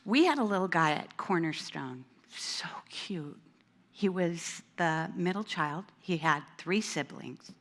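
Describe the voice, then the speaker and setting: A woman who worked as a school administrator, telling a lively story at a church event and voicing the people in it, including a small child. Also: fairly low pitch, takes it slowly. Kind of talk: storytelling talk at a women's event. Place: church hall.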